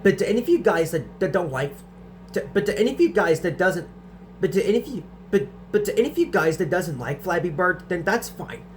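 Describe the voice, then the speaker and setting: A man's voice: sits high, expressive, a little fast, a little hiss or hum. A young man hosting a casual Q&A vlog, reading out viewer questions and answering them with frequent stutters and restarted sentences.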